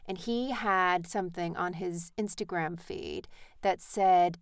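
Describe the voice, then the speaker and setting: A woman's voice: lowish voice, takes it slowly, smooth, no room sound, clean studio sound. A mother hosting a podcast, chatting in a rambling, affectionate way with her child. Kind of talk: casual chat with her child.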